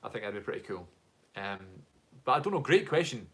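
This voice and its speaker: With a lowish, bright-toned voice that swings widely in pitch, this young Glaswegian man speaks briskly. A music reaction streamer from Glasgow, he reads viewer comments aloud on his live stream in a loose, filler-packed ramble.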